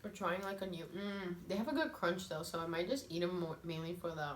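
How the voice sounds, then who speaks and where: A young woman chatters through a casual mukbang, filling every pause with "like" and nervous little asides. Her voice sits on the lower side for a woman. The room is echoey, with a faint hum of ambience behind her. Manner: chatty, filler-heavy, nervous and giggly. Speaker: mukbang vlogger. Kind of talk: casual eating-show chat.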